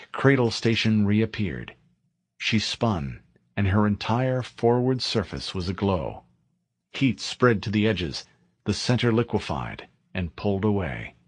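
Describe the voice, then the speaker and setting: Brief: dramatic male narrator, lively intonation, dry studio sound. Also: lowish voice, unhurried, husky, dry recording. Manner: dramatic, steady storytelling. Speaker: audiobook narrator. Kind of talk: scripted narration of a military sci-fi novel.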